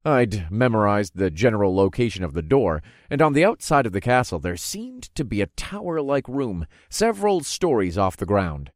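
Expressive male audiobook narrator. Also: fairly low pitch, moderate pace, hardly any pauses, no room sound, clean studio sound. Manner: lively, expressive reading. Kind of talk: first-person story narration.

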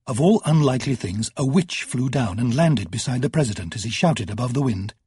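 A man narrating an audiobook in measured, dramatic storytelling. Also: medium pitch, animated, dark tone, slightly rough, no echo. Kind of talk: scripted narration.

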